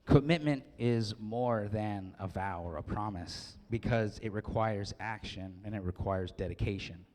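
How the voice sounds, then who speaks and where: A man's voice: lowish voice, a little slow, darkish tone. A man in his forties giving a joking, self-deprecating wedding speech and laughing often. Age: 40s. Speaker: wedding speaker. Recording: long hall reverb.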